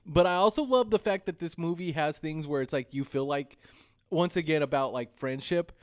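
Male podcast host, excitable and jokey, slightly high pitch, dry close sound. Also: moderate pace, dry recording. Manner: excitable, jokey, laughs often. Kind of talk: casual movie chat.

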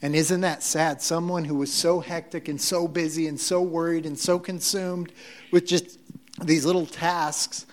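A man's voice: a little high, little pitch movement, a little slow. A man preaching a sermon in a conversational, joking way, often restarting his sentences. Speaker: pastor.

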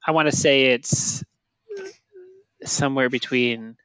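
A man's voice: medium pitch, fairly even intonation, takes it slowly, fairly bright tone, clear, resonant tone, no echo. Man co-host, dry wit, teasing asides, dry close-miked sound. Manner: dry teasing quips, plays along. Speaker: trivia show co-host. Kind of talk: casual trivia banter.

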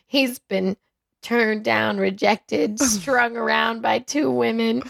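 A woman co-hosting a podcast, recapping a TV episode in casual chat, animated and swearing freely. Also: a little high, slow pace, gravelly, no room sound, clean studio sound. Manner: animated, swears often, acts out quotes in retelling. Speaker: podcast co-host.

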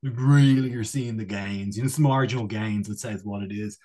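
A man's voice: on the low side, steady tone, brisk, mellow. A man from Ireland, a podcast co-host chatting casually, rambling and joking with lots of fillers and restarts. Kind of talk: casual chat.

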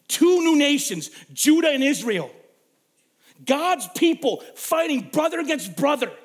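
A young male pastor gives a sermon in a high, lively voice, his pitch leaping around as he tells stories. He punches some lines loudly and drops others to a near hush. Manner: storytelling preacher, swings from loud emphasis to hushed.

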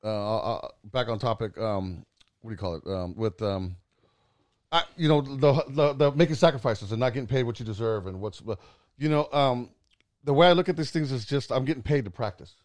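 A man chatting on a podcast, reflecting in a halting way full of fillers and restarts. His voice has a middle pitch. It is recorded close and dry. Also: a little mellow, no echo. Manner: hesitant, filler-heavy reflective talk. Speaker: podcast co-host, artist. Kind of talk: casual podcast chat.

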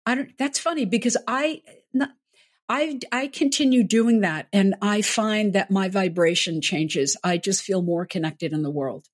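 Woman host chatting, slightly husky voice, lots of mm-hmms. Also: medium pitch, measured pace. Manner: warm and affirming, frequent "mm-hmm". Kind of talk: casual chat.

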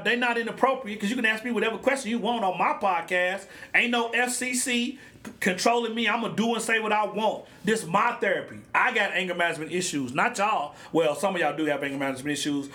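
A man's voice: high voice, sharp tone. A man hosting his own podcast, ranting bluntly and animatedly in slangy casual talk. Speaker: podcast host. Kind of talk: casual solo podcast rant. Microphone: podcast microphone.

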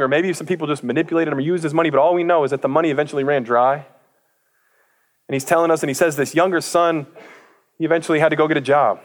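A man preaching a sermon retells a parable in casual, lively storytelling full of slang, with frequent stammered restarts and acted-out voices for the characters. His voice is on the high side.

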